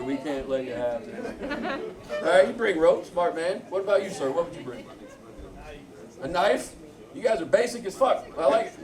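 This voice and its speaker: High-voiced Southern man doing stand-up. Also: a little mellow. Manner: brash, crude, crowd-work banter. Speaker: stand-up comedian. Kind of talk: stand-up set. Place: comedy bar stage. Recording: echoey club from far off, crowd.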